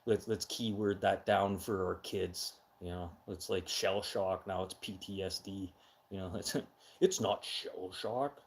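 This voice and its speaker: Middle-aged guy on a live chat, loud and emphatic, kinda low voice. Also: steady tone, measured pace, creaky. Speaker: live stream host.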